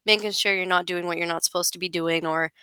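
Bright, crisp-voiced woman chatting. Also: lowish voice, fast talker, dry recording, rough recording. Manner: chatty, animated storytelling. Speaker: podcast guest, surrogate. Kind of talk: casual conversation.

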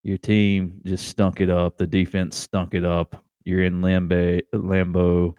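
A man with a very deep voice joins a casual podcast chat, laid-back and joking. He talks slowly, and the sound is dry and close. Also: monotone, warm tone, smooth, dry recording, muffled recording. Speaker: podcast co-host.

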